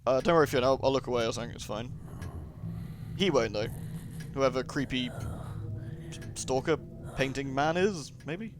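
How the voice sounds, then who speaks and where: A young let's play host talks at a moderate pace in a mid-range voice, leaving long pauses, over music and game sound. His casual gaming commentary is joking and chatty, with riffing asides.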